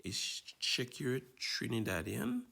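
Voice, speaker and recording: A man's voice: medium pitch, huge pitch swings, a little slow, gravelly, bright, forceful tone, slightly rough. A man teaching a Spanish lesson, explaining patiently and checking in with his students as he goes. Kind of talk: recorded lesson walkthrough.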